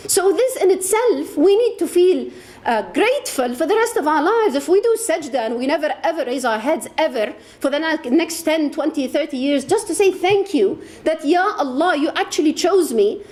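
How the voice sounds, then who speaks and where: A woman's voice: high-pitched, a little mellow. A woman giving an impassioned religious talk to an audience, repeating words for emphasis. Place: lecture hall.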